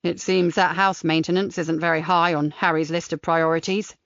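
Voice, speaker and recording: A woman's voice: on the low side, level tone, moderate pace, dry recording, pitched below the performer's own voice, close to an everyday voice. A woman voicing a shrewd male detective with a wry, knowing manner. The recording is dry and slightly dull.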